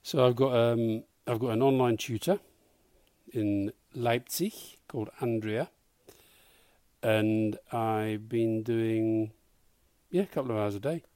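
A man's voice: fairly low pitch, fairly even intonation, slow pace, pauses often, warm tone, smooth, no room sound. A man co-hosting a podcast, chatting in an easygoing, dry-humoured way. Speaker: podcast co-host. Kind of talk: casual chat.

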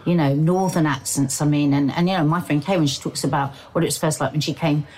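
A woman's voice: sits low, steady tone, fast, darkish tone, low-quality recording. A middle-aged woman with a South London accent, co-hosting a podcast in frank, emphatic casual chat. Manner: frank, emphatic, talks in restarts. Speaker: podcast co-host.

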